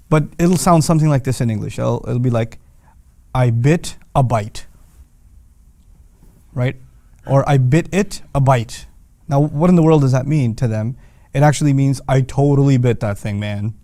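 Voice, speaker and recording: A man's voice: medium pitch, dark tone, no room sound, clean studio sound. A man teaching a lesson on Arabic grammar in a patient, conversational way, with slang asides. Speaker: Quran teacher. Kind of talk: scripted video lesson.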